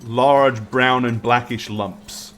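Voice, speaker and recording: A man narrating as dungeon master in a casual, halting way. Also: medium pitch, fairly even intonation, fairly bright tone, faint music behind. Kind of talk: narrating a tabletop game.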